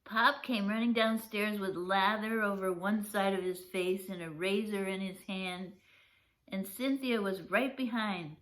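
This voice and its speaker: Older woman, grandmother, slow unhurried reading, children's book. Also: mid-range voice, fairly even intonation. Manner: gentle, unhurried, shows pictures. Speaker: storyteller.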